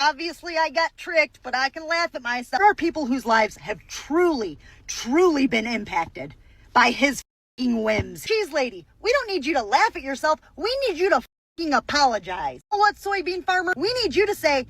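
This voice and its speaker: A woman with a high, bright-sitting voice rants with biting sarcasm and plenty of profanity. Her voice is recorded close and dry, with no room sound around it. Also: big pitch swings, normal speed, no room sound. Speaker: commentator. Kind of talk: angry reaction rant.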